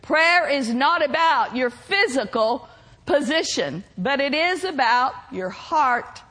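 High-voiced woman preaching slowly. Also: animated, a bit bright. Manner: emphatic, draws out key words. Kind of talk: sermon.

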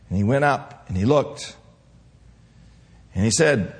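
A male pastor preaching an impassioned sermon with a hoarse voice, swinging from soft to shouting. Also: medium pitch, lively intonation, a little slow, pauses often.

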